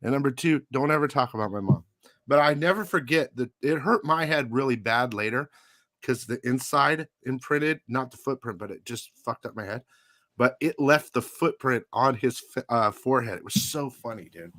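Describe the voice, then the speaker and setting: A man's voice: medium pitch, normal speed, fairly bright tone, dry recording. A man hosting a live comic book show, telling a story casually with profanity, frequent laughs and lots of "dude".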